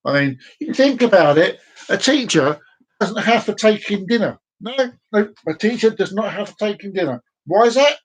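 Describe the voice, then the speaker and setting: A man's voice: sits high, lively intonation, normal speed, breathy edge, rough recording. A man talking in a rambling, teasing monologue for his video channel, with frequent restarts. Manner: teasing, chatty, many restarts. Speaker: vlogger.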